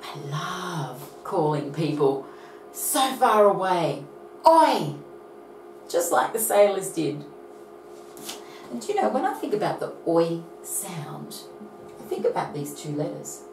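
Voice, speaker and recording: Woman doing a kids' phonics lesson, slow and bouncy, kinda far off in an echoey room. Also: on the low side, noisy background. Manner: animated, coaxing children to join in. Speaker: phonics teacher. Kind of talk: storytelling lesson for young children. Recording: roomy echo from a distance.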